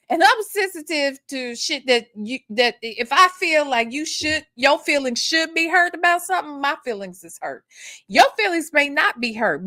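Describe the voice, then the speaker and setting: A woman's voice: sits high, pushed and bright, no echo, studio quality. A woman hosting a casual commentary livestream and reading chat comments, emphatic and profane, tagging lines with "okay?". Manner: emphatic and repetitive, profane, keeps adding "okay?". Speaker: host.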